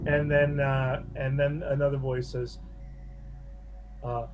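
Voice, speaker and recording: A man narrating a tabletop horror game as game master on a video call, pausing often with fillers. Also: medium pitch, flat delivery, soft background music. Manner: halting narration with many fillers.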